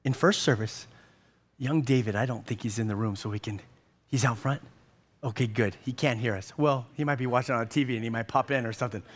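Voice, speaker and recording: A man's voice: medium pitch, a little fast. A man in his fifties preaching a sermon in a church, folksy and joking, often repeating words as he goes. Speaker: pastor.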